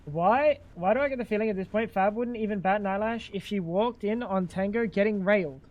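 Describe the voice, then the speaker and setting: British guy on a game stream, kinda high voice, chatty and sweary, talks to chat. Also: quick pace, dull audio. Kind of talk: casual live-stream chat while gaming.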